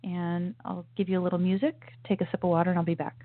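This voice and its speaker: A woman's voice: fairly low pitch, flat delivery, fast. A woman hosting a political commentary show, talking in an opinionated, emphatic way with frequent restarts and asides. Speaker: host. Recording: tinny phone-like sound, dry.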